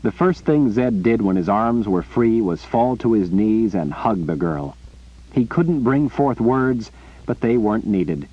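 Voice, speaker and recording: Animated, husky male audiobook narrator. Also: lowish voice, a little slow. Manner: animated storytelling. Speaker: audiobook reader. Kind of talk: scripted narration. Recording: muffled lo-fi recording.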